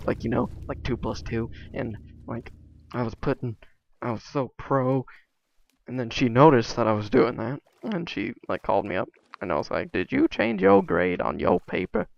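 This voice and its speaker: A man's voice: mid-range voice, normal speed, vocal fry, lo-fi sound. A man vlogging alone, telling stories in a casual, rambling way full of fillers and asides. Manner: rambling, many fillers, self-interrupting asides.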